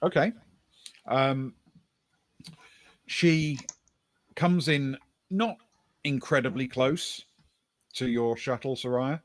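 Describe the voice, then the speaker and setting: A man narrating as game master of a tabletop role-playing game, telling the scene in a relaxed way with fillers and the odd chuckle. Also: mid-range voice, takes it slowly, pauses often, no echo.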